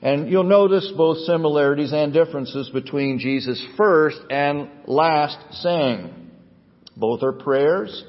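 A man's voice: on the high side, slow pace. A male pastor delivering a sermon, building to emphatic, rising phrases and then easing into explanation. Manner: preaching with rising emphatic cadence. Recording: dull sound with long hall reverb.

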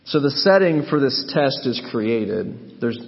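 A man's voice: medium pitch, big pitch swings, a little slow, vocal fry. A man teaching through a Bible passage in a sermon, emphatic and thinking aloud with frequent restarts. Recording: dull sound with long hall reverb.

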